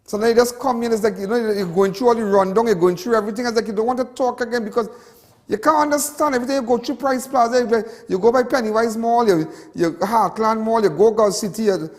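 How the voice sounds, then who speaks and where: A high-voiced Trinidadian man hosts a TV show in an impassioned monologue. He rambles and repeats himself, dropping local slang as he gets worked up. A long reverb trails behind his voice. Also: fast talker. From Trinidad and Tobago. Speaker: TV show host.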